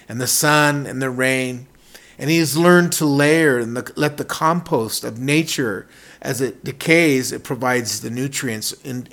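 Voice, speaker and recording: A man preaching a sermon with fervor, repeating phrases and swinging between loud declarations and hushed asides. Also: mid-range voice.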